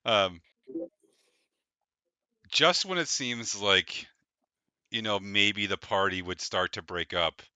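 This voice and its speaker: A man's voice: lowish voice, slow, pauses often, bright, forceful tone, clean tone, no room sound. A man narrating a tabletop game as game master, loose and full of fillers, laughing easily.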